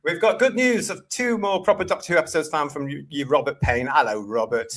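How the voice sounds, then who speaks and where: A man's voice: fairly high pitch, fairly quick, a bit bright. A British man hosting a live-streamed fan show, upbeat and reading out chat messages. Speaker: host.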